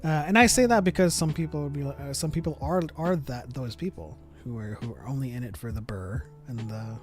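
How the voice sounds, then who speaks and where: A man's voice: medium pitch, fairly quick, soft background music. A man hosting a casual live podcast chat, rambling with lots of fillers. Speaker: podcast host.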